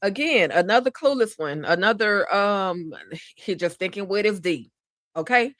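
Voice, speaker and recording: A woman's voice: medium pitch, lively intonation, normal speed, a bit bright, no echo. A woman co-hosting a casual TV recap chat, giving frank, sassy commentary. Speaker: co-host.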